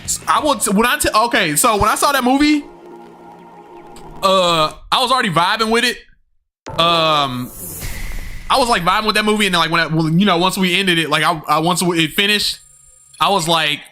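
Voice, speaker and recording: High-voiced young man chatting loosely on stream. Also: moderate pace, sharp tone, soft background music. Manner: rambling, slangy, loose, with frequent fillers and swearing. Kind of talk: live-stream chat with viewers.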